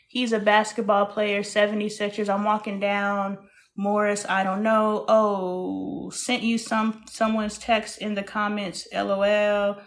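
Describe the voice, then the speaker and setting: A woman in her thirties chats casually on her own livestream. Her voice sits at a mid pitch, and she tells stories in an animated, talkative way with playful exclamations. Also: measured pace. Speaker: host.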